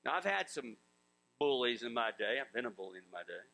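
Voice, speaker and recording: A man's voice: mid-range voice, big pitch swings, a little fast, creaky, sharp tone, low-quality recording. A man preaching a sermon in a conversational way, acting out biblical voices and chuckling as he goes. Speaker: pastor.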